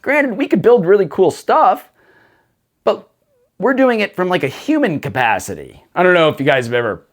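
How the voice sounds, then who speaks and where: A man hosting a faith talk show, telling a casual story in a relaxed way, with lots of "dude" and "like". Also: high-pitched, normal speed. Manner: laid-back, full of "dude" and "like". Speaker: faith podcast host.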